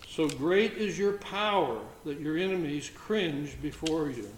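A man leading an informal Bible study, reading scripture aloud between halting comments. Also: on the high side. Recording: roomy echo, faint background noise.

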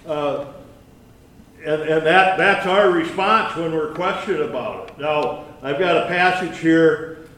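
A man giving a conversational sermon with scripture reading, folksy and halting, with many restarts and asides. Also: fairly high pitch, a bit bright. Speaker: lay preacher. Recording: echoey room from far off.

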